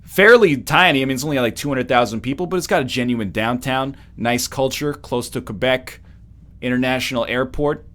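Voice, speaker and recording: Fairly quick and medium-pitched, this Canadian let's play host chats as he games. He rambles, jokes around, and tells stories with lots of animation.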